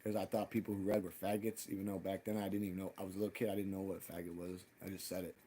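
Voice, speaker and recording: A man's voice: sits low, flat delivery, rapid-fire, dark tone, a little hiss or hum. A man hosting a live stream, telling a heated, profane story and acting out both sides of past arguments. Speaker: livestream host.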